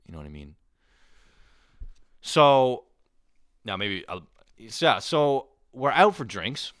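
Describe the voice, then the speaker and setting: A man's voice: mid-range voice, sing-song, slow pace, a bit bright, smooth, no room sound, clean studio sound. A Canadian man in his twenties ranting profanely in a comedic monologue, swinging into bursts of mock voices. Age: 20s. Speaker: comedian podcast host.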